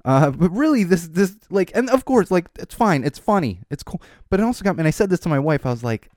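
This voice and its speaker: A man in his thirties hosting a podcast, rambling casually and laughing as he talks, sometimes mimicking a child in a high voice. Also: big pitch swings, quick pace, hardly any pauses, darkish tone, dry recording, studio quality. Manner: rambling, self-interrupting, laughing. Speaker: podcast host. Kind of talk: casual chat.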